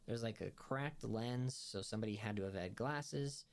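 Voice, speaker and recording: A man's voice: on the low side, moderate pace, gravelly. A man hosting a film review podcast, recapping episodes in a rambling, casual way full of fillers and restarts, laughing as he retells scenes.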